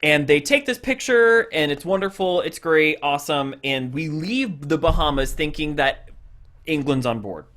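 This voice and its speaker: A man's voice: on the high side, animated, moderate pace, fairly bright tone. A man co-hosting a casual podcast, retelling a TV episode scene by scene, acting out the characters' lines with frequent restarts. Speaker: podcast co-host.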